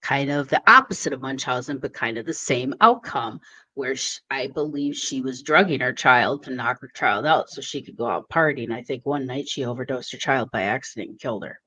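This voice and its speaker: A woman's voice: extremely low pitch, a little fast, bright, forceful tone. A woman with a Minnesota accent, chatting as a radio guest over a remote call and laughing often. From Minnesota, USA. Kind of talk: casual chat on a remote call. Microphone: remote call mic. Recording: dull distant call audio.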